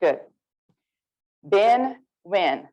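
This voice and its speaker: A woman with an Alabama Southern accent, leading a lively, interactive literacy workshop and coaxing the audience to join in. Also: mid-range voice, very slow, lo-fi sound. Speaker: literacy presenter.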